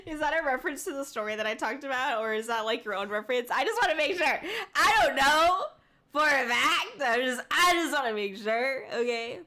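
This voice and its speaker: Streamer girl rambling n giggling, high bright voice, swears a lot. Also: lively intonation, a little fast. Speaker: VTuber streamer. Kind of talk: casual chat reacting to clips.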